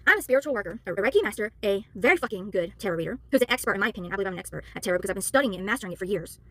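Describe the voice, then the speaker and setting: A tired, worn-out woman who works as a spiritual worker and tarot reader, ranting to camera in a heated, exasperated way and apologizing for yelling. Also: medium pitch, lively intonation, very fast, dry recording.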